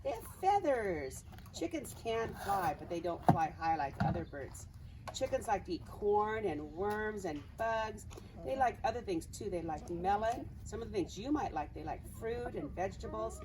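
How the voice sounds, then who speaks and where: A woman's voice: medium pitch, sing-song, normal speed, background noise. A woman teaching small children outdoors by the animal pens, speaking simply in a sing-song way and singing along with them. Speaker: children's Sabbath school teacher.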